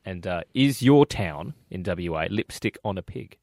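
A man's voice: sits low, moderate pace, heavy background noise. An Australian man in his thirties co-hosting a breakfast radio show, chatty and laughing as he tells stories. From Western Australia. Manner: chatty, laughing, animated storytelling. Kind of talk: casual breakfast radio banter.

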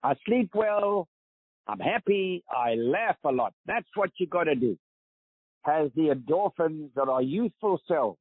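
A man's voice: fairly high pitch, animated, measured pace, husky, no room sound. A man in his eighties with a South African accent, speaking emphatically as a guest in a phone interview. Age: 80s. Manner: emphatic, preaching. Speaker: guest, veteran golfer. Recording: tinny phone line, dry.

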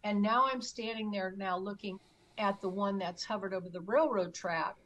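A woman's voice: medium pitch, fairly even intonation, normal speed, fairly bright tone. A middle-aged woman telling her own story as a guest on a talk show, emphatic, acting out her pleas. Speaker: guest recounting an experience. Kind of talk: conversational storytelling.

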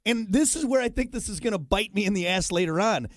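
Man, high voice, dry close studio mic, morning radio host, rambling self-mocking storyteller. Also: animated, fast, no room sound. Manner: self-deprecating storyteller, lots of fillers. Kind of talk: casual morning show banter. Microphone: studio microphone.

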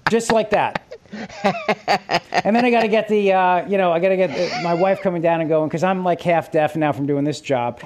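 A middle-aged man hosting a radio show, telling stories in casual, animated banter and laughing often. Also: high voice, background noise.

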